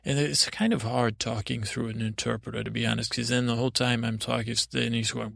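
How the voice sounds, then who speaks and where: A man with a heavily gravelly, fry-laden voice drifts through a bedtime story in a near-monotone. He meanders and stumbles through restarts and asides. The sound is close and dry, with no room around it. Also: mid-range voice, a little fast, hardly any pauses, no echo. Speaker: podcast host.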